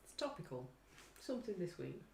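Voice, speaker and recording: A woman co-hosting a live online quiz from home, giggling and reading song lyrics slowly like a poem. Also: on the low side, very animated, creaky, darkish tone, a little hiss or hum. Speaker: quiz co-host. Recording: echoey room.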